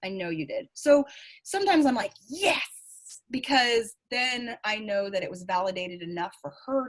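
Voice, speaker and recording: A woman with a Southern US accent, a psychic medium guest telling animated stories in a casual interview, acting out the voices she quotes. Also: on the high side, moderate pace.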